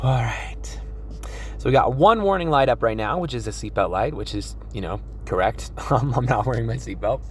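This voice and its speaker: A man working as a car salesman, giving a casual, upbeat walkthrough of a truck while laughing often. His voice is a bit hoarse, and he is recording outdoors on a cold car lot. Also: medium pitch, lively intonation, moderate pace, a little hiss or hum.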